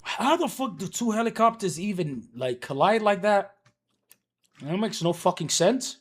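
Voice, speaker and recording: Male streamer, casual profane storytelling, highish voice with a lively, swooping pitch. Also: unhurried. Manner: animated, profane, swings from mutters to shouts. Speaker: livestreamer.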